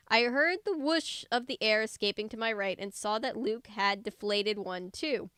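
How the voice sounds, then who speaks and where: A young woman reading a story aloud, giving the dialogue lively voices and breaking off for chatty, joking asides. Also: medium pitch, moderate pace, hardly any pauses, clear, resonant tone, dry recording. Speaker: reader of a book aloud.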